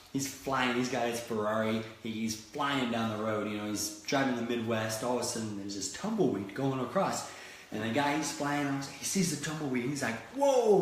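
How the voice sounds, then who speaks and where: A motivational speaker from Florida tells animated stories with many restarts, his voice sitting in the mid-range. There's slight background noise, and the room is very echoey.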